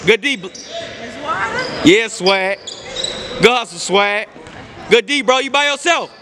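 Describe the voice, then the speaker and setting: A man's voice: high voice, lively intonation, slow. Hyped young man cheering from the sideline. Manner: loud, joking, hyped shouts of encouragement. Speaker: sideline spectator cheering a team. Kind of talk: casual sideline banter. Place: indoor basketball gym. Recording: noisy crowded gym. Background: crowd noise and bouncing balls.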